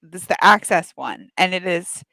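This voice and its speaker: Female co-host from the Midwest, rambling casual talker, gravelly, dry close sound. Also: on the low side, animated, normal speed, pushed and bright, no room sound. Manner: rambling, filler-heavy storytelling. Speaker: podcast co-host. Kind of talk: casual chat.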